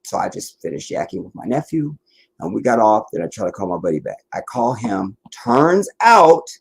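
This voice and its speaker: A man's voice: lowish voice, big pitch swings, moderate pace, creaky, slight background noise. A man from the Washington DC area, tired and worn out, hosting a livestream in a rambling casual chat full of restarts and asides. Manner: meandering, many restarts and asides. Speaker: livestream host.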